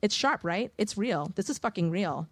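A woman's voice: medium pitch, lively intonation, normal speed, no room sound. Woman voicing a menacing street-tough teen boy. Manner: threatening, blunt, swearing.

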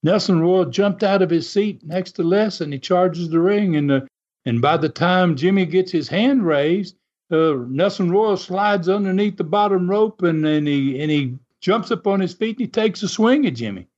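Folksy guy telling stories, kinda high voice, chuckles a lot. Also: normal speed. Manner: animated, folksy, chuckles often. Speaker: storyteller recalling wrestling TV. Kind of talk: casual storytelling. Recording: dull lo-fi sound.

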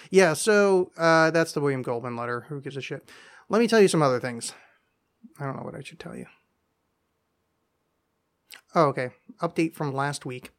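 A man's voice: on the high side, expressive, fairly quick. A man hosting a casual solo podcast, reading aloud in a rambling, self-mocking way with frequent swearing. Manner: rambling, self-deprecating, profane. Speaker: podcast host.

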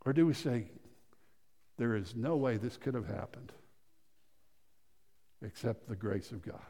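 A man's voice: medium pitch, expressive, measured pace, slightly rough. Man preaching in an echoing church hall. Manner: swings between loud emphasis and hushed, quiet storytelling; repeats phrases and restarts mid-sentence. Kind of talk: sermon. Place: church sanctuary. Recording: long reverb of a church hall.

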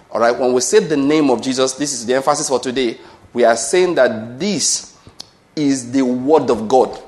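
This is a man delivering a sermon in a mid-range voice. He teaches with emphasis, repeats his key phrases and often checks whether his listeners understand. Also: medium pitch. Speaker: pastor.

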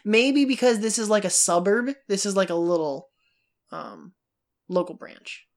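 A woman co-hosts a relaxed film chat in an animated way. She acts out lines from scenes and laughs as she goes. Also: mid-range voice, measured pace. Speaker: podcast co-host. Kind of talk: casual film discussion.

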